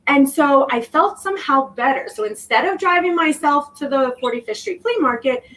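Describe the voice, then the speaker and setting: High-voiced woman, reflective and halting. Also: expressive, a bit bright. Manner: reflective, halting, restarts often. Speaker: guest. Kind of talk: personal story in an interview. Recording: voice distant from the mic.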